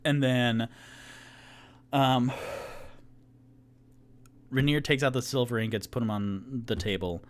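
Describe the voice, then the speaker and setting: Slow, rambling male game master. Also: mid-range voice, fairly even intonation. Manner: rambling, with many fillers and self-corrections. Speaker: game master and solo player. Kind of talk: narrating a tabletop game.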